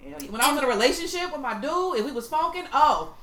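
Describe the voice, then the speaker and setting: Brash woman talking fast, a bit high, echoey room with faint noise. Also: very animated, a bit bright. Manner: brash, self-described shit talker. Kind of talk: casual chat.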